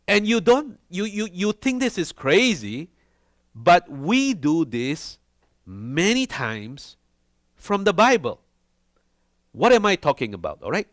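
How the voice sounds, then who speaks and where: Male pastor, lively and slow-paced sermon delivery, dry close sound. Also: on the high side, no echo. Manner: animated, asks the congregation questions. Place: church.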